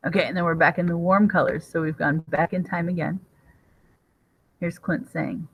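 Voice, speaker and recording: A woman's voice: fairly low pitch, fairly even intonation, normal speed, a little hiss or hum, low-quality recording. A woman teacher reading a graphic novel aloud to her class and explaining it as she guides the students through questions.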